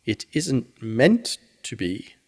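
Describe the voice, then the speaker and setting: A man's voice: mid-range voice, huge pitch swings, takes it slowly, a little mellow, full character voice. A man voicing a fussy, cautious male rabbit in a bedtime storybook reading, prim and careful in his speech. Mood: evasive.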